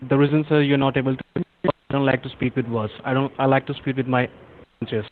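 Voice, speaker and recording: A man's voice: medium pitch, fairly even intonation, a little fast. A man answering on a phone call in a deferential manner, calling the other person sir again and again. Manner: deferential, keeps saying sir. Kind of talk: phone conversation. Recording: tinny phone line with faint noise.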